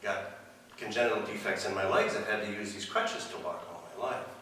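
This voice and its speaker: A man's voice: lowish voice, fairly even intonation, a little fast, bright, forceful tone, slight background noise. A man voicing a humble, earnest male churchgoer on crutches, in an echoey hall far from the mic.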